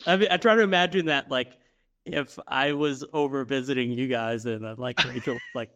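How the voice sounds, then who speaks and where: A man's voice: medium pitch, fairly quick, a bit bright. A man co-hosting a podcast, casually retelling TV scenes and laughing along. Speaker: podcast co-host. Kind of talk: casual chat recapping a TV episode.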